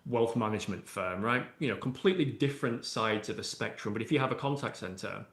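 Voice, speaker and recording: A man's voice: lowish voice, animated, quick pace, fairly bright tone. A man, an AI expert guest on an interview podcast, explaining at length in a conversational way with many "you know"s and "right?"s. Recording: roomy echoey room sound.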